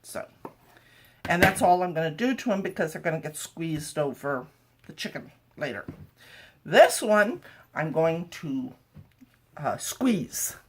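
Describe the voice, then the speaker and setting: A woman's voice: low-pitched, background noise. A woman chatting wryly to camera in her home kitchen while she cooks, with jokey asides. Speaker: home cooking vlogger. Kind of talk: casual cooking demo chat.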